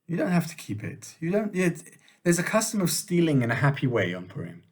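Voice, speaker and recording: A man, a rabbi, giving an informal Torah lesson, emphatic and animated, with fillers and pauses. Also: on the high side. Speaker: rabbi teaching a class.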